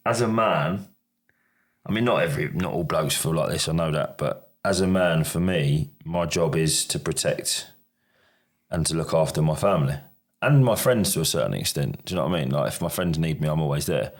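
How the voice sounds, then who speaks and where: A middle-aged man from the UK co-hosting a podcast, talking in a loose, rambling way. His voice sits very low, and he keeps restarting his sentences and poking fun at himself. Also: brisk. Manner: rambling, self-deprecating, restarts a lot. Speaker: podcast co-host. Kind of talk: casual chat.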